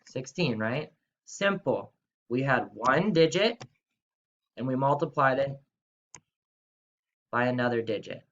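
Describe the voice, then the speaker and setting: A man's voice: mid-range voice, fairly bright tone, lo-fi sound. A young man teaching a video lesson to schoolchildren in an upbeat, chatty way, talking straight to the kids. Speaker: third-grade teacher.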